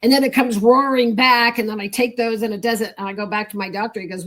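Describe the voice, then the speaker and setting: A woman's voice: fairly high pitch, fairly even intonation, quick pace, hardly any pauses, fairly bright tone. An older woman speaking as a podcast guest, telling candid, chatty stories with lots of reported dialogue. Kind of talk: casual storytelling interview.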